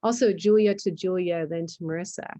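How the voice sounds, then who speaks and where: Mellow-voiced woman moderating a panel. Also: lowish voice, brisk. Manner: encouraging, frequent affirmations. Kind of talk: interviewing panel guests.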